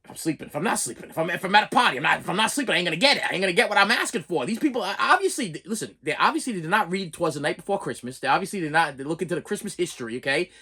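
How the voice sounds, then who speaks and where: A middle-aged man as a channel host, delivering an animated comic rant full of stammered restarts and "okay?" tags. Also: high voice, very fast, few pauses, breathy edge.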